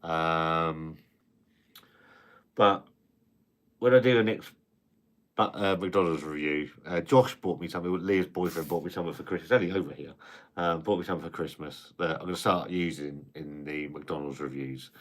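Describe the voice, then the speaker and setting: A man's voice: rumbling low, fairly even intonation, moderate pace. A man hosting a casual live stream, chatting, reading viewer comments, and rambling with frequent restarts and the odd swear word.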